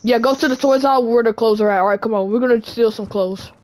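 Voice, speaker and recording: A woman hosting a game role-play, talking in an excitable, urgent way. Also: a little high, fast. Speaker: channel host, roleplayer.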